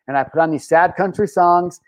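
A man's voice: high-pitched, fairly quick, poor audio. A man in his thirties talking to camera in a casual, rambling personal vlog, emotional and full of restarts. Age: 30s. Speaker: vlogger.

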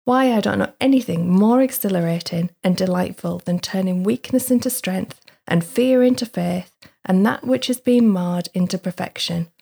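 A woman's voice: mid-range voice, normal speed, creaky, dark tone, husky. A woman voicing a kind, cheerful male shepherd who guides and reassures, while reading a book passage aloud. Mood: cheerful reassuring.

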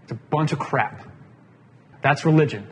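A man's voice: a little high, normal speed, darkish tone. Conversational male pastor in a reverberant hall. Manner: conversational, plain-spoken, asks the congregation questions. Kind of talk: casual sermon. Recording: long hall reverb, faint room noise.

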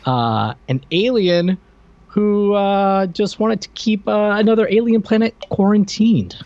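A man's voice: high voice, measured pace, no room sound, lo-fi sound. A man co-hosting a podcast in casual chat, hesitant, with many fillers and restarts. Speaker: podcast co-host.

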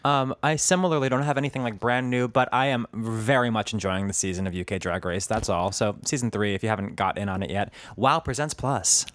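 A man's voice: lowish voice, fairly quick, few pauses, fairly bright tone. A man in his thirties co-hosting a podcast, teasing and joking in casual chat with some swearing. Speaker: podcast co-host.

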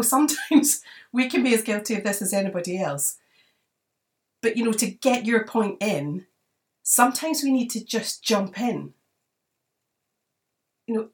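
A woman's voice: medium pitch, far from the mic. A woman hosting a podcast, giving advice in a chatty way, often saying "you know" as she goes. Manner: conversational, many "you know" fillers. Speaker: podcast host. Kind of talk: solo advice talk.

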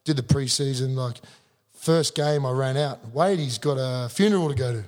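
A man's voice: medium pitch, normal speed, long reverb tail. An Australian man in his thirties, a guest telling a blunt, sweary story in casual conversation. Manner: blunt, sweary, animated yarn-spinning.

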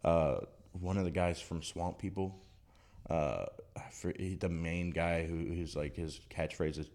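A man from Louisiana co-hosting a podcast, chatting casually in a relaxed, rambling way and laughing often. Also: deep voice, unhurried. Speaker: podcast co-host. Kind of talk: casual chat.

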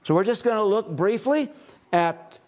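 A middle-aged man preaching a sermon at a family retreat, rising to loud exhortation and dropping to hushed, low phrases. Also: lively intonation, normal speed.

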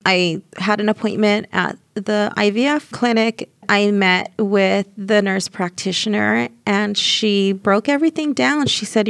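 A young adult woman who tells her story in an animated, chatty way, laughing often and acting out what people said. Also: medium pitch, moderate pace, creaky, hardly any pauses, no room sound, studio quality. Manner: animated, laughs often, acts out quoted lines. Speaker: interview guest. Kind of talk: conversational storytelling.

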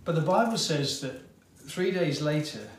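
A man preaching a sermon, telling a story dramatically and leaving long pauses. He speaks very slowly and deliberately. His voice rings through a roomy church hall from a distance, with faint ambient sound behind it. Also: fairly high pitch, lively intonation, slight background noise.

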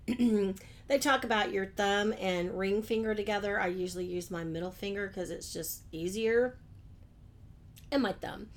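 Woman hosting a chatty solo podcast. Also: medium pitch. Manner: friendly, conversational, rhetorical questions. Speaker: podcast host. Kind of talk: solo business podcast talk.

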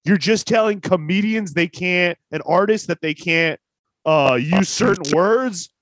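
A man's voice: high voice, a little slow, fairly bright tone, dry recording. A man who is a guest on a podcast, ranting bluntly in casual chat.

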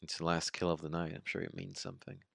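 A haunted young survivor, played by a man, recounts a massacre in an audio drama monologue. His voice sits very low, and he stumbles and repeats himself as he talks. The retelling sounds shaken. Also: level tone, vocal fry, a bit bright, husky, no echo, heavily acted. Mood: grim. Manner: halting, stammering retelling.

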